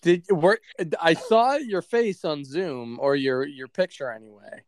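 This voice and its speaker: A man's voice: a little high, very animated, a little slow, a little mellow, clear, resonant tone, no room sound, studio quality. A man co-hosting a podcast in casual chat, teasing and joking with his friends. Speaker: podcast co-host.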